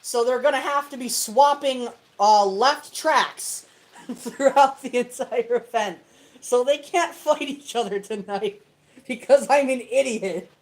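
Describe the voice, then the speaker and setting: A woman's voice: on the high side, measured pace, rough recording. A woman hosting a casual livestream from a home tabletop setup, self-deprecating and chuckling often. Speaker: host of a toy robot fight livestream.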